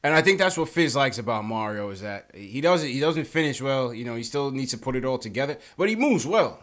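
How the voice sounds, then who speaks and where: A man hosting a call-in sports podcast, talking in a relaxed, chatty way and often adding "man". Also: mid-range voice, brisk. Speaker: podcast host. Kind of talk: casual sports talk.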